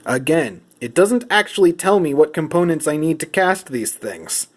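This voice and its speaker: A man's voice: a little high, big pitch swings, normal speed. A man giving a mock-serious comedic vlog monologue while he leafs through rulebooks. He plays at outrage and puts questions to a silent companion. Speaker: vlogger.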